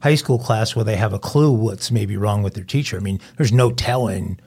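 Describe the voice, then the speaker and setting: A man's voice: lowish voice, normal speed, slightly rough. Man reading crime headlines conversationally. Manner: reads headlines in a steady, conversational way with dry asides. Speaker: host. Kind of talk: crime news discussion.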